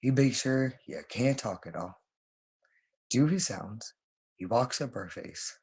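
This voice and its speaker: A man's voice: lowish voice, unhurried, darkish tone, breathy edge. Man in an urgent, repetitive monologue. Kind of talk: rambling direct-to-camera monologue.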